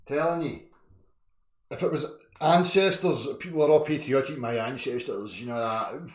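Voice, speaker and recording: A Scottish man hosting a livestream, chatting casually and ranting loudly with constant swearing. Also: fairly high pitch, moderate pace, creaky, roomy sound. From Scotland. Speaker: livestream host.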